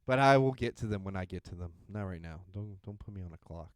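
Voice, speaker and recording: Playful young man, lively and dry-sounding. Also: low-pitched, fast talker, smooth, dry recording. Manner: playful, spins silly theories. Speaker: podcast co-host. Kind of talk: casual chat.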